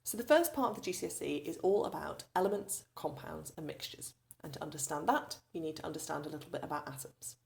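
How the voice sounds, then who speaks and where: A woman's voice: deep voice, fast talker, gravelly, hardly any pauses, a little mellow. A woman, a chemistry teacher giving a recorded revision lesson and explaining each step patiently.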